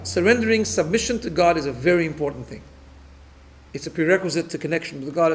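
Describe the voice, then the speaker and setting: A man, a rabbi, teaching a Torah class, explaining step by step and often checking in with his listeners. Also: on the high side. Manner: repeats words when restarting.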